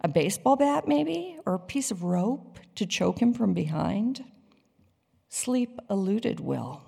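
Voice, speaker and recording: A woman narrating a dramatic story in an expressive, deliberate way. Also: medium pitch, creaky, slightly rough. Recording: long hall reverb.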